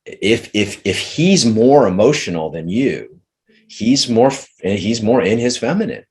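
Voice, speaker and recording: A man leading a group session on relationships, talking earnestly and slowly, often restarting his sentences. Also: on the low side, expressive, husky. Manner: earnest, slow and searching, many restarts. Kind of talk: coaching talk with a participant.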